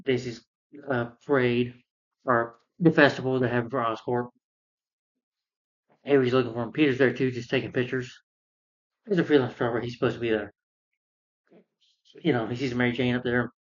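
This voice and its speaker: A man talks through a film review in a loose, rambling way, walking through the plot scene by scene and slipping into quoted lines. His voice sits at an ordinary middle pitch. The recording is dull and lo-fi. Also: fairly even intonation, moderate pace, long pauses. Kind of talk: casual spoken film review.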